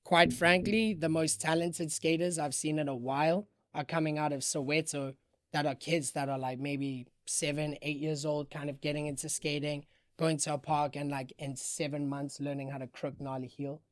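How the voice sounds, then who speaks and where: A man from South Africa with a light Johannesburg accent, chatting casually as a podcast guest, slangy and relaxed. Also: on the high side, moderate pace, dry recording, clean studio sound. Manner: laid-back, slangy, says "bro" and "quite frankly" a lot. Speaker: guest skateboarder.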